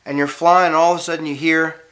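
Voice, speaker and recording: A man's voice: a little high, little pitch movement, fast talker, heavy background noise. A middle-aged man, a father teaching his daughter, telling a playful, dramatic story to make a lesson point. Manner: dramatic, playful, builds suspense.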